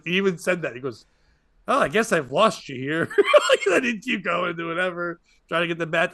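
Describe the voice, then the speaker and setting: A man's voice: fairly high pitch, a bit bright, dry recording, clean studio sound. A man, a comedian and podcast host, tells a rambling stand-up story and acts out other people's lines as he goes.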